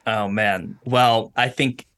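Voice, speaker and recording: Dry, low-key man co-hosting. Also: steady tone, takes it slowly, fairly bright tone. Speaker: podcast co-host. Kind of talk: casual podcast chat.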